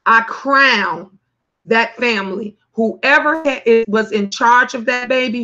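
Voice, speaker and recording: Woman, middle-aged, AAVE, profane live-stream host, higher voice, muffled lo-fi sound. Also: sharp tone. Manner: blunt, profane, fired-up storytelling. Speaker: talk show host. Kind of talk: live-stream commentary, reading chat.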